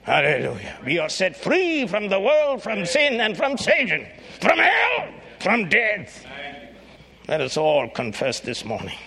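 A man preaching a sermon, emphatic and rising to shouts on key phrases. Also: high-pitched, huge pitch swings, a little slow, vocal fry.

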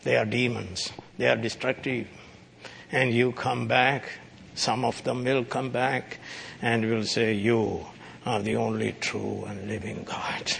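A man delivering a sermon in a slow, measured way, his voice gravelly and bright. He breaks now and then into sudden loud, high-pitched exclamations. A faint hiss of noise sits under the recording. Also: level tone. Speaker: pastor.

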